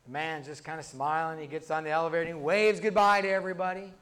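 A man's voice: a little high, little pitch movement, quick pace, a bit bright. A male pastor telling humorous stories in a sermon, in a conversational, chained storytelling manner. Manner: conversational storytelling, many "and" links.

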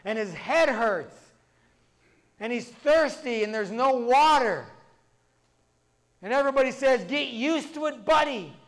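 A pastor telling humorous stories from the pulpit, his speech strung together in an easy, conversational flow. His voice sits notably high for a man. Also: a bit bright. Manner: conversational storytelling, many "and" links.

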